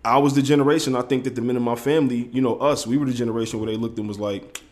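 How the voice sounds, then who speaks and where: A man's voice: mid-range voice, steady tone, very fast, a little mellow. A man co-hosting a casual podcast, laid-back and slangy, swearing and acting out voices as he tells childhood stories. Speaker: podcast co-host. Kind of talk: casual conversation.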